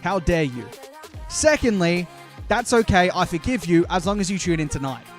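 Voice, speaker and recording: A young man talks to his viewers on a live stream, playful and chatty. His voice sits high. Faint music plays underneath him. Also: expressive, moderate pace. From Australia. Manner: chatty, playful, addresses chat directly. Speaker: streamer and caster.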